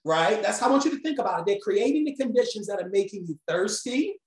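A woman instructor leads a live class with animated storytelling. She acts out quotes with lively swings in voice. The room is echoey. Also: medium pitch, quick pace. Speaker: communication instructor.

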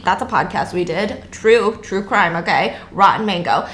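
A young woman casually retelling a novel's plot, chatty and expressive, slipping into character voices. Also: mid-range voice, normal speed, hardly any pauses. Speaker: podcast host retelling a novel. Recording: echoey room.

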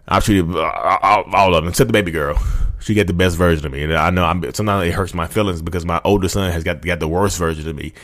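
Man, 30s, very deep voice, quick delivery, fervent rambling rant, podcast host. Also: a bit bright. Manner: rambling, repetitive, fervent, addresses listeners as y'all. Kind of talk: impassioned motivational rant.

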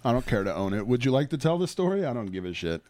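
A man's voice: medium pitch, big pitch swings, rapid-fire, darkish tone, a little hiss or hum. A young man co-hosting a podcast in casual chat, joking and swearing freely. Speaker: podcast co-host.

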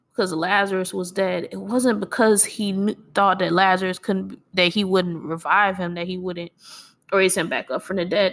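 Tearful woman with a gravelly edge. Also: medium pitch. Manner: earnest and encouraging, with soft laughs. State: tearful, crying. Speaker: speaker sharing faith. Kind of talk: personal devotional talk.

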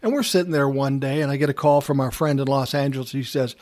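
A man's voice: mid-range voice, quick pace, darkish tone. A man who once managed a music artist, telling a personal story in a casual, blunt, conversational way. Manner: conversational, blunt, swears freely.

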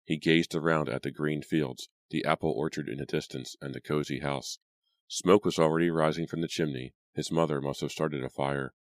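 Deep deep voiced guy narrating a spooky audiobook, dramatic and steady, dry close mic. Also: no room sound. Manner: measured, dramatic storytelling.

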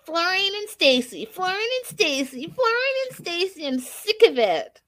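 A woman's voice: very high voice, big pitch swings, unhurried, a bit bright, voice pushed up, full character voice. A woman mimicking a petulant, insecure single woman who whines that her twin sister makes her feel small. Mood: exasperated. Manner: whiny, self-pitying complaints.

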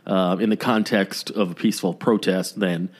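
A man's voice: low-pitched, fairly even intonation, normal speed. A man co-hosting a casual podcast chat, talking in a rambling, hesitant way with many fillers and restarts. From United States. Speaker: podcast co-host. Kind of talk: casual conversation.

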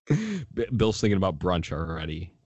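Casting: very low-voiced male host, dry close sound, lively recap, frequent laughter. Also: slightly rough, dry recording, lo-fi sound. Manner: animated, laughing, quoting others in lively bursts. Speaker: sports podcast host. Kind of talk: casual sports chat.

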